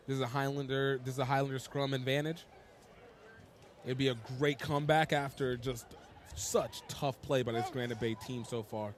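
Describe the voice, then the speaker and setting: A man giving steady live play-by-play commentary on a rugby match outdoors. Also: medium pitch, slight background noise.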